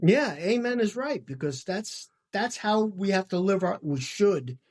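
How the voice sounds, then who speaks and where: A man's voice: high-pitched, animated, measured pace, darkish tone. A man co-hosting a casual faith podcast, who sums things up in an easygoing, wry way. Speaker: podcast co-host.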